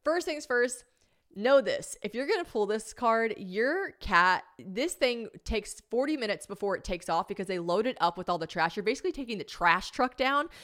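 A woman hosting a podcast, telling a comic story in a casual, animated way, swearing freely, mocking herself and acting out what people said. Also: on the high side, normal speed. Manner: animated, swearing, self-mocking, acts out quotes. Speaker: podcast host.

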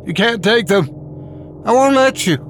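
A man's voice: fairly high pitch, animated, normal speed, a little mellow, slight background noise, close to an everyday voice. A man voicing a frightened young girl who pleads through tears. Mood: angry.

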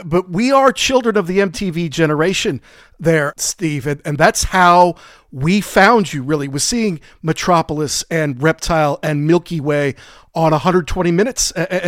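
Chatty higher-voiced male podcast host. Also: no echo, studio quality. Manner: chatty, laughs often, quick follow-up questions. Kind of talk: casual interview.

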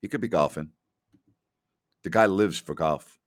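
Male host with a lowish voice, rambling and repetitive, dry close sound. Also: unhurried, no echo. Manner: rambling storyteller who repeats phrases and laughs often. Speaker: podcast host. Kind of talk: casual solo chat answering listener questions.

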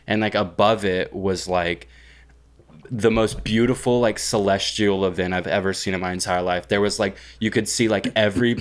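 A man's voice: low-pitched, smooth. A young man co-hosting a podcast, telling a dream in a rambling, casual way with lots of fillers and swearing. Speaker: podcast co-host.

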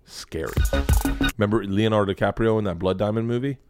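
A rambling, excitable man hosts a casual podcast, swearing freely as he talks in a lowish voice. Soft music hums faintly under him. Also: quick pace. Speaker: podcast host.

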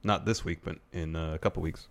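A man with a low voice, talking quickly in casual podcast chat. He drops dry quips between his co-host's points. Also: steady tone, gravelly. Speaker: podcast co-host.

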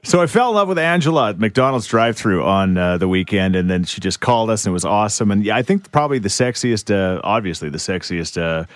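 An enthusiastic man hosting morning radio, his voice pitched a little low. He talks in a chatty, upbeat way, and the studio sound is dry and close. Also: animated, quick pace, few pauses, dry recording. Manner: enthusiastic, chatty, reads out phone numbers and promos. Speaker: radio morning show host. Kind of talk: casual radio banter. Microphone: studio microphone.

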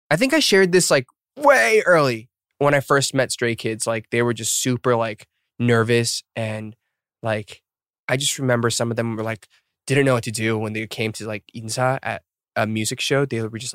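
A man's voice: medium pitch, fairly bright tone, clear, resonant tone, dry recording, studio quality. A man in his thirties hosting a podcast in casual chat, rambling with lots of fillers and laughing at himself. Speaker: podcast host.

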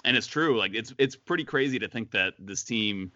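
A man's voice: mid-range voice, expressive, normal speed, pushed and bright, no echo, muffled recording. A man co-hosting a casual sports podcast, chatty, with many fillers and restarts. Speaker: podcast co-host.

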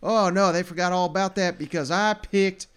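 A man's voice: high-pitched, steady tone, moderate pace, fairly bright tone, smooth. A man hosting a sports podcast, chatting casually and poking fun at his own bad predictions. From Southern United States. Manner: self-mocking, conversational. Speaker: podcast host.

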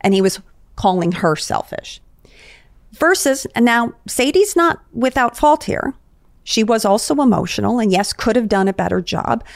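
A woman's voice: fairly high pitch, lively intonation, moderate pace, creaky, no room sound, clean studio sound. A woman therapist, a guest on a podcast, analyzing relationship dynamics in an explanatory, conversational way.

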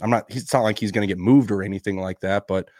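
A man co-hosting a casual sports podcast, raspy and under the weather, rambling loosely with fillers. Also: fairly low pitch, steady tone, fast, darkish tone, dry recording, studio quality. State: sick, raspy from a cough. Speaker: podcast co-host.

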